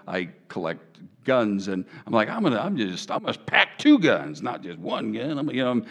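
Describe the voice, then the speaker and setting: A middle-aged man, preaching a sermon in an animated, conversational way. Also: medium pitch, in a large hall. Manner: animated, conversational preaching with sound effects and jokes. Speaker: pastor.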